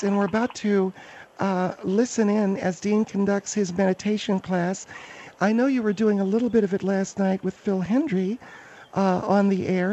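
A man's voice: high-pitched, dark tone, highs cut off, a little hiss or hum. A man hosting a comedic radio interview, asking eager, chatty questions of his caller. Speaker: radio host.

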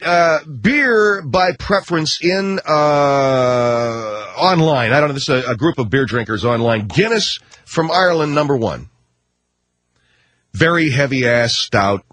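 Husky wisecracking male radio host. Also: fairly high pitch, normal speed, no echo. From United States. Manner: rambling, wisecracking, animated storytelling. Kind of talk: casual radio talk.

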